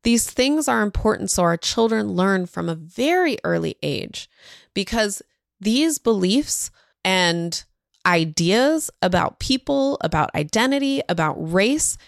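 A woman's voice: medium pitch, expressive, unhurried, creaky, no room sound, studio quality. A woman hosting a parenting podcast who gives earnest, direct advice and talks to her listeners as "y'all". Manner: direct, warmly instructive, addresses listeners as y'all.

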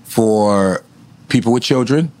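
A man's voice: mid-range voice, takes it slowly, darkish tone. A man chatting as a podcast guest, telling stories in a laid-back, profane way. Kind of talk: casual chat.

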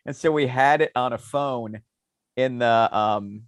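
A man's voice: mid-range voice, a little slow, dry recording. A man co-hosting a casual podcast chat, telling stories with lots of laughter. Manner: animated storyteller, laughs often. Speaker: podcast co-host.

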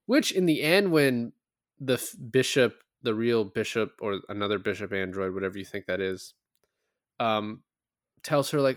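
A man co-hosting a casual movie podcast, retelling scenes with lots of laughter and loud acted-out quotes. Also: on the low side, moderate pace, dry recording, clean studio sound. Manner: animated retelling, laughs often, acts out quoted lines loudly. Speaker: podcast co-host.

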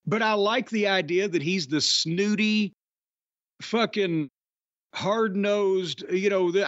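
A man's voice: high voice, slow, a bit bright, dry recording. A man hosting a podcast in casual chat, sardonic, opinionated and freely profane. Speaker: podcast host. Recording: slightly dull, dry podcast audio.

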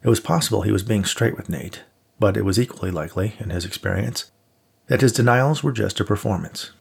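A man narrating an audiobook in a steady, measured way. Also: on the low side, vocal fry, slightly rough.

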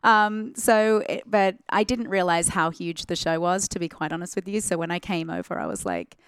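A woman's voice: lowish voice, animated, moderate pace, clear, resonant tone, no echo. A woman in her forties with an Australian accent, chatting as a guest in a studio interview and laughing often. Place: radio studio.

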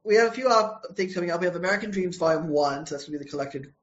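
A man's voice: high-pitched, expressive, very fast, highs cut off. A man, a comic book writer and co-creator, answering interview questions in a casual, hesitant way.

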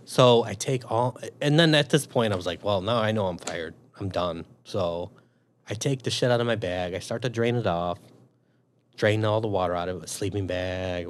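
A man with a slightly low voice tells a story in a loose, chatty way. He swears freely and acts out what he was thinking as he goes. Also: a little hiss or hum. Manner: profane, animated storyteller. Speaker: guest telling a story. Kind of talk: casual storytelling.

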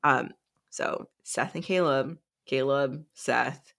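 A woman's voice: deep voice, fairly even intonation, normal speed, a bit bright. A woman co-hosting a podcast, casually recapping a book in a chatty way, with lots of fillers. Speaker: podcast co-host.

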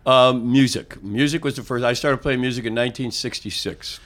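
An older man from Cleveland, a comedian and musician, telling animated stories in casual chat and acting out the people in them. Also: mid-range voice, brisk. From Cleveland, USA. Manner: animated storyteller, acts out quotes.

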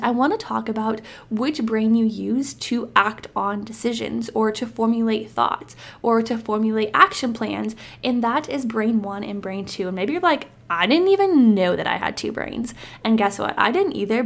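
A young woman in her twenties hosts a podcast and talks in an upbeat, emphatic way. Her voice sits a little high. She addresses listeners directly with steady encouragement. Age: 20s. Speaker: podcast host. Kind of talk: motivational podcast monologue.

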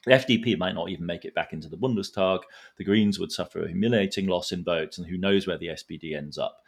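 Low-voiced man explaining at length. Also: quick pace, vocal fry, slightly rough. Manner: explanatory, uses analogies. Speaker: expert guest. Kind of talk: analytical podcast discussion.

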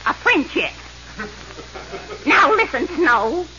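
A woman's voice: very high-pitched, sing-song, slow, exaggerated voice. A woman playing a scheming, cruel wicked stepmother in a 1930s radio comedy, snapping and cackling her lines. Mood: scornful. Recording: dull, noisy 1930s radio broadcast.

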